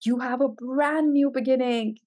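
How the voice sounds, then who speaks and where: Tarot reader, female, effusive and emotional, calls out cards with excited exclamations. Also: high-pitched, measured pace. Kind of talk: tarot reading to camera.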